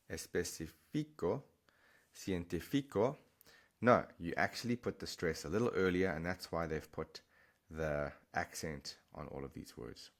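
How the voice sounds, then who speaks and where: A man teaching vocabulary to camera, chatty and encouraging, often pausing to check in with the learner. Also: sits low, a bit bright. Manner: chatty, encouraging, repeats and restarts while explaining. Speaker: Spanish teacher.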